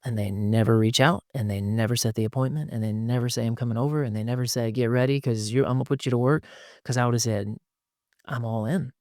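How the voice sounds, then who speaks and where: Pastor guy on a podcast, punchy and emphatic, keeps doing little voices for people he quotes, mid-pitched, super dry close sound. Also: fairly even intonation, fast talker, darkish tone, no room sound. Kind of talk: conversational podcast discussion.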